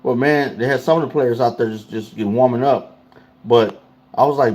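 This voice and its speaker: A man's voice: mid-range voice, brisk, dark tone, slightly rough. A man hosting a casual livestream, talking loosely and in slang straight to his chat. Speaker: livestream host.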